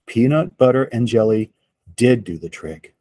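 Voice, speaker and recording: A man reads a children's picture book aloud, unhurried and expressive. His voice has a slight husky edge, and the recording is dry and close with no room sound. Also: medium pitch, dry recording. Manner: slow, expressive read-aloud. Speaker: storyteller for children.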